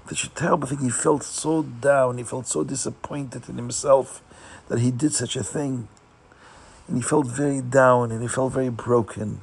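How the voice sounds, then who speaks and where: A man telling a story to a young audience in an earnest, dramatic way, slowing down for emphasis. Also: mid-range voice, steady tone, vocal fry, a little mellow, slightly rough.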